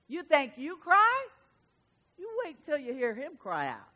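A woman preacher delivers a sermon with passion and emphasis, her voice pitched high and bright. She swings from quiet asides to loud, fervent exclamations. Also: wildly swooping pitch, a little slow. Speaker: preacher to women.

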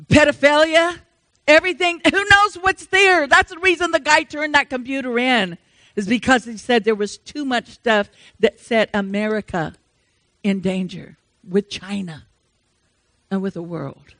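An older woman delivers a sermon at a slow, deliberate pace, pressing her points with rhetorical questions. Her voice is bright and edged, swelling loud and then dropping soft. The sound is dry and close. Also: high-pitched, no room sound. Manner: emphatic, rhetorical questions, swings between loud rises and soft drops. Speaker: preacher.

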